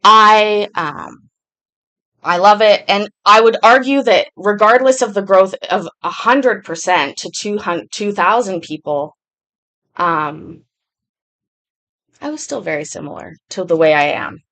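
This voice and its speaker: A woman talks casually to her livestream audience. She rambles from thought to thought and reads viewers' comments aloud as she answers them. Her voice sits in a middle pitch range. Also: expressive, measured pace, a bit bright. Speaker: livestream host.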